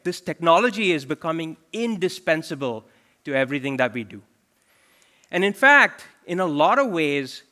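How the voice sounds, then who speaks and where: A man's voice: a little high, pushed and bright. A man in his forties giving a conversational conference keynote as a chief product officer, often asking the audience questions. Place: large conference hall.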